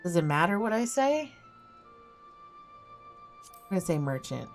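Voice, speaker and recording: A woman's voice: lowish voice, very animated, unhurried, soft background music. A young woman streaming a game, joking and self-mocking in casual commentary, swearing freely.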